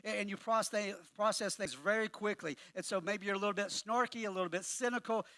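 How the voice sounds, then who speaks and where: Guy pastor giving a chatty sermon, kinda high bright voice, trips over his words a lot, dry sound. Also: fairly quick, dry recording. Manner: conversational with frequent word repetitions; wry humorous asides.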